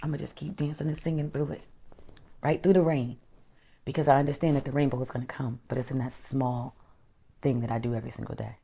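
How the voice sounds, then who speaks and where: A woman life coach giving an animated motivational talk, calling listeners honey and child, sometimes dropping to a whisper for emphasis. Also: very deep voice, fast talker, creaky, slightly rough.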